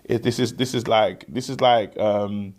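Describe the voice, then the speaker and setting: Man, nigerian accent, lowish voice, hesitant, fan interview. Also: fairly even intonation, measured pace, a little mellow. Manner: hesitant, repeats words.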